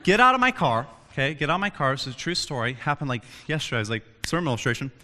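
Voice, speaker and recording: A man's voice: medium pitch, rapid-fire, long reverb tail, a little hiss or hum. A young man preaching a casual sermon to students, telling stories and acting out quotes. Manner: animated storytelling, acts out quotes. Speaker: youth preacher.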